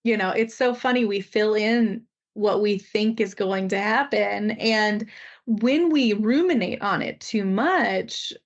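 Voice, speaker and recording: A woman's voice: mid-range voice, takes it slowly, dull audio. A woman co-hosting a podcast who explains ideas in a casual, chatty way, often checking in with "right?". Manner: explanatory, frequent "right?" and "like" fillers. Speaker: podcast co-host. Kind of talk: conversational podcast discussion.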